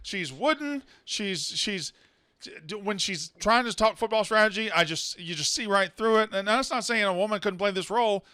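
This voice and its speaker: Mississippi-accented male co-host, blunt and emphatic, bright tone, dry close sound. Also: high-pitched, expressive, normal speed, clean tone, dry recording. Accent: Mississippi Southern US. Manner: blunt, emphatic, repeats himself. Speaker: co-host, film reviewer. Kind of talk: casual podcast banter.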